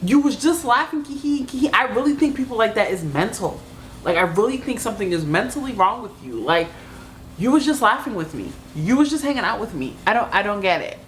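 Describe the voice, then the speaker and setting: Animated, exasperated woman reacting. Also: fairly high pitch, fairly quick, a little hiss or hum, low-quality recording. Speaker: reaction channel host. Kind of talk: casual reaction commentary.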